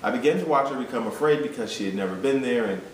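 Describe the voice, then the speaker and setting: A fitness coach with a medium-pitched voice speaks fast and animatedly, telling a story and turning it into a motivational talk. He often repeats himself while building to urgent appeals, recorded from a distance in an echoey room with background hum.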